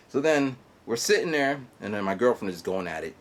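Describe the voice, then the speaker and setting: A man in his forties vlogging a rambling, halting story full of fillers, digressions and mouth sound effects. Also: medium pitch, sing-song. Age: 40s. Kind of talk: rambling monologue. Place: guest house in Japan.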